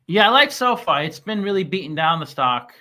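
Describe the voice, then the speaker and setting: A man hosting a casual stock commentary channel, talking with halting restarts and plenty of fillers. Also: high-pitched, expressive, pushed and bright. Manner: reads scam email aloud mockingly. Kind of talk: casual chat.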